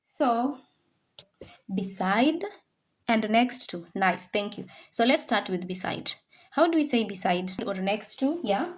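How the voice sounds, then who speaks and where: Animated yet slow-paced, a woman with a mid-range voice leads a live online French class. She drills pronunciation by patiently saying each word again and again, switching between French, English and some Swahili.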